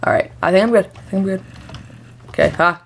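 A young woman talking through a video game as she plays, chatty and excitable, breaking into frantic shouts when startled. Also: mid-range voice, brisk, creaky, slight background noise. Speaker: gameplay commentator. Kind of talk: let's play commentary.

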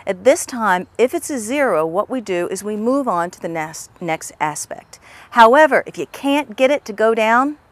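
A woman's voice: medium pitch, lively intonation, moderate pace, dry recording. Woman patiently teaching a tapping technique. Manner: repetitive, patient, talks through tapping phrases aloud. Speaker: tapping instructor. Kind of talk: instructional demonstration.

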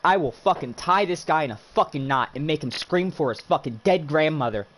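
A man's voice: on the high side, expressive, a little fast, a bit bright. A man streaming a racing game, ranting angrily and swearing nonstop at another player. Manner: furious, profane, ranting. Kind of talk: angry rant during live racing game stream.

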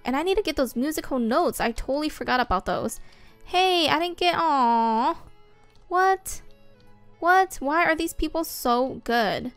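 A woman commentating her own gameplay in a high, bright voice, unhurried between bursts of squeals and whoops. Faint game music plays underneath her chatter. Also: no room sound. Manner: excitable, frequent squeals and whoops. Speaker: gaming video host.

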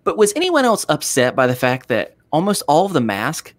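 Brief: man, casual podcast guest, rambling delivery, pitch swings up and down. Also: wildly swooping pitch, normal speed, no echo. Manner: rambling, self-correcting, restarts often. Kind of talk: casual chat.

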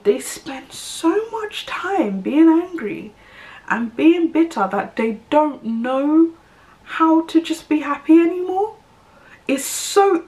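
Woman, young, emphatic, repeats herself, unhurried delivery, casual vlog. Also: sits high. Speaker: vlogger.

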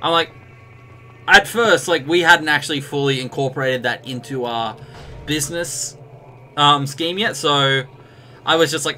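A man's voice: fairly high pitch, moderate pace, pauses often, sharp tone. A young Australian man streaming a game live, chatting and ranting in a casual, storytelling way. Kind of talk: live gameplay commentary. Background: game music.

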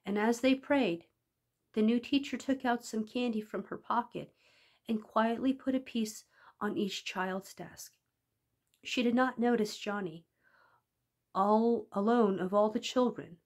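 A woman narrating a story with calm, measured delivery. Her voice stays steady and clear through the telling, in a middle pitch. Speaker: reader. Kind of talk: audiobook reading of a story.

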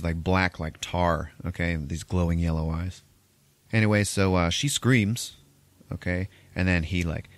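A man casually retelling a film's plot on a podcast, loose and profane, acting out characters' lines as he goes. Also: low-pitched. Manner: profane, rambling retelling with acted-out quotes. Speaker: podcast host recapping a film. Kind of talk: casual movie recap chat.

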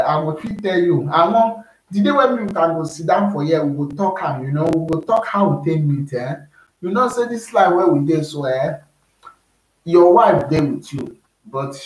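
A Nigerian man with a fairly high voice talks casually to camera, rambling on and on. He keeps checking in with the listener, saying "you understand me?" again and again. The room around him rings with echo. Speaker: vlogger.

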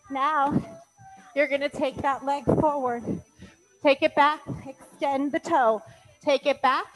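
A high-pitched woman guides an exercise class at an unhurried pace, calling out each move and cheering people on. She sounds a little out of breath, with faint music playing behind her. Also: poor audio. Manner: encouraging, counting out moves. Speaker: fitness instructor.

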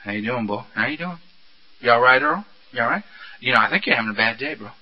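A man voicing a male addiction demon, who whispers and wheedles in a smooth, falsely caring way. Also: medium pitch, expressive, fast talker, pitched below the performer's own voice, lightly acted. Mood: coaxing. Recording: dull lo-fi recording.

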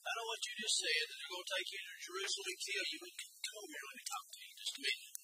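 A preacher voicing the apostle Peter as a friendly disciple who quietly coaxes his teacher aside in a casual, hushed way. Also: extremely high pitch, wildly swooping pitch, very fast, background noise, full character voice. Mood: coaxing.

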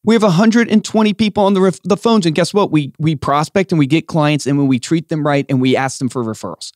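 Host, man, thirties, fairly high voice, dry close sound, punchy and keen. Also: quick pace, a little mellow, no echo. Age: 30s. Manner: upbeat, emphatic, keeps saying right?. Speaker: podcast host. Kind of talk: casual podcast chat.

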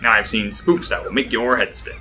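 A man's voice: fairly low pitch, steady tone, normal speed, pushed and bright. A man doing a wry, sarcastic cigar-chewing storyteller. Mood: storytelling. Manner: dry, teasing, drawling.

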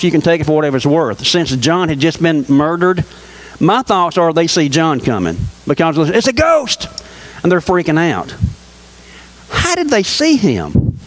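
A man's voice: high-pitched, poor audio. A man preaching a sermon, telling stories with lots of rhetorical questions to the congregation.

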